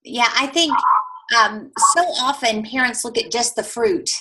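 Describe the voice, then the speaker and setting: Bright-voiced woman hosting a podcast. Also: fairly high pitch, measured pace. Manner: conversational, affirming, asks questions. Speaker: podcast host. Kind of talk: faith-based parenting talk.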